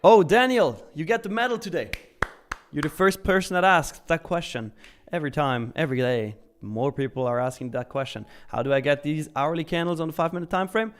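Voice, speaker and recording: A man's voice: a little high, expressive, a little fast, clear, resonant tone. Man hosting a casual stream. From Switzerland. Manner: reads viewer chat aloud and answers. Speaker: live-stream trading host. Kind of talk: casual live-stream chat.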